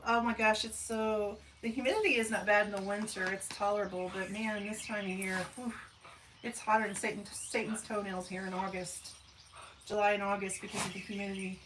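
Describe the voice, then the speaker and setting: A woman's voice: mid-range voice, steady tone, a little fast, a bit bright, a little hiss or hum, poor audio. A woman in her forties from southern Missouri, hosting a casual live stream, chatting folksily with viewers and talking to her dogs. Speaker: livestream host. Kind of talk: casual live chat reading comments.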